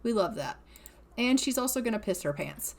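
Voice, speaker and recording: A woman's voice: on the high side, animated, normal speed. Chatty woman narrating gameplay. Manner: chatty, affectionate, laughs often. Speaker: gameplay commentator. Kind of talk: casual let's-play commentary.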